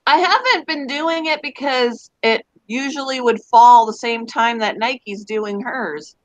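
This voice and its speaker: A woman's voice: fairly high pitch, a little slow, dry recording, poor audio. A middle-aged woman from Canada with a Canadian accent, rambling and laughing easily in casual voice chat. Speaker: voice chat participant.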